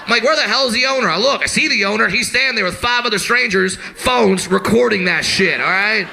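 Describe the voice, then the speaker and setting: A man doing stand-up, telling a story loudly and excitably and shouting his punchlines. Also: sits high, brisk, creaky, slight background noise. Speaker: stand-up comedian. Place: comedy stage before a live audience.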